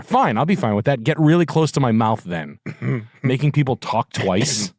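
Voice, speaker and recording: A middle-aged man spins a rambling anecdote on a podcast, swearing freely and sounding sardonic. His pitch swings widely as he tells it, and his voice is close and dry, with no room sound. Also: big pitch swings, moderate pace, a little mellow, dry recording. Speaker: podcast host. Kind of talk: casual storytelling chat.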